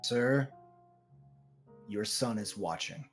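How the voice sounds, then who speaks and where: A man voicing a calm, formal armored warrior who addresses others as sir. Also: fairly low pitch, takes it slowly, soft background music. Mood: firm.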